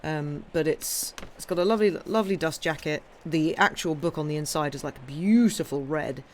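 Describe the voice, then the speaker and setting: A woman's voice: low voice, normal speed, slight background noise. A woman who streams herself reading novels aloud, chatting casually and rambling, full of ums and restarts. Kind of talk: casual chat on a live stream.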